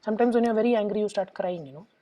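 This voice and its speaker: Her pace is rapid-fire and her medium-pitched voice warm as she, a middle-aged Indian English-accented psychologist, lays out emotions for parents step by step, performing clients' and children's words. The lecture is roughly recorded.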